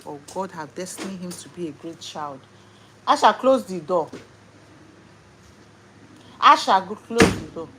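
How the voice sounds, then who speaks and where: Earnest Nigerian mom on a noisy livestream. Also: female voice, low-pitched. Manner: earnest, faith-filled talk. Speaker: livestream host. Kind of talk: casual livestream chat. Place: home.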